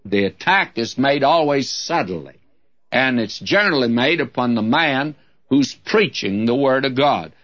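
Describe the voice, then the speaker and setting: A man teaching through a Bible epistle in an emphatic, lively preaching cadence. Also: medium pitch, unhurried. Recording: dull lo-fi broadcast recording.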